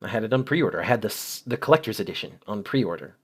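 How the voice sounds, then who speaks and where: A man's voice: on the low side, lively intonation, quick pace, breathy edge. A man hosting a channel, giving critical video commentary in an exasperated, sarcastic way and explaining translations in detail. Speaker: channel host.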